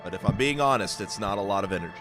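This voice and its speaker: A man's voice: lowish voice, animated, rapid-fire, over music. A man who is under the weather, casually commentating a game playthrough with joking, self-deprecating asides. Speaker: gaming streamer. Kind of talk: casual let's-play commentary.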